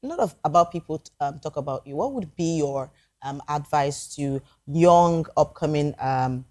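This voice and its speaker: A woman's voice: low-pitched, moderate pace. A Nigerian woman co-hosting a talk show, asking questions with many ums. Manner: lively, hesitant with ums when asking. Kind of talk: casual talk-show chat.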